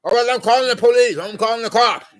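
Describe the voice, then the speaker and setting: A man voicing a hostile fast-food worker who yells in a high, indignant voice. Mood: angry shouting. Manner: yelling, high-pitched, indignant.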